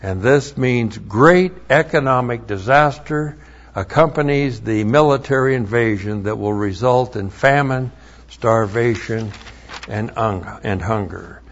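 A man teaching a verse-by-verse lecture on scripture, slow and methodical, spelling words out letter by letter, with blunt, emphatic asides. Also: mid-range voice, dull audio. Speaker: Bible teacher.

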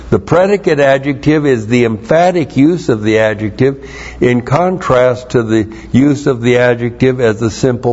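Slow, deliberate preacher man, lo-fi. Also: mid-range voice, a little mellow. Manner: slow, deliberate, spells out Greek words letter by letter. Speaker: pastor. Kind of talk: expository Bible teaching sermon. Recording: dull lo-fi sermon recording.

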